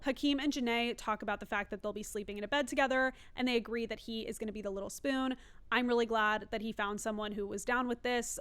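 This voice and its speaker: A woman's voice: a little high, clean tone. A young woman giving a casual, opinionated TV recap, chatty and laughing often. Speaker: TV recap reviewer.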